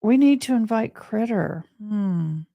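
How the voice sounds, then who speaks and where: A woman's voice: mid-range voice, unhurried, vocal fry, no echo, highs cut off. Gal with a drawl chatting away to her stream, dry close sound. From Texas, USA. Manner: chatty, animated, talks to viewers as y'all. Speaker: livestream host. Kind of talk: casual storytelling to live chat.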